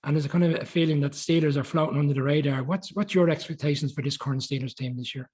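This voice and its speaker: A man's voice: a little high, fairly even intonation, fast, darkish tone, slightly rough, rough recording. A male host asking a long, rambling interview question with several restarts.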